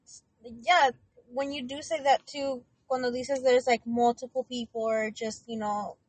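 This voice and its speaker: A woman co-hosting a podcast in casual talk, animated, swearing and slipping Spanish into her English. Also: a little high, dry recording, low-quality recording. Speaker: podcast co-host.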